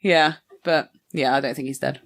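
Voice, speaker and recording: Low-voiced chatty woman. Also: steady tone, moderate pace. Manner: chatty, laughs often, swears casually. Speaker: podcast co-host. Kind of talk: casual chat.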